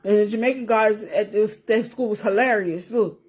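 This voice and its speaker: At a moderate pace, a woman vlogger with a husky, darkish, mid-range voice chats to camera with her viewers. She rambles, repeats herself, swears freely and laughs while she talks.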